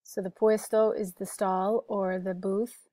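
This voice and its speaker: Slow, careful woman teaching vocabulary. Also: mid-range voice, flat delivery, warm tone, no echo. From United States. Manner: slow, careful, repeats words for pronunciation. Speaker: Spanish teacher. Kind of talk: recorded vocabulary lesson.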